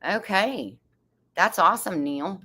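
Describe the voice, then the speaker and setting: A woman's voice: mid-range voice, animated, slow pace, pushed and bright, breathy edge. A woman hosting a casual livestream, reading viewer comments aloud, chatty and laughing often. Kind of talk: casual chat.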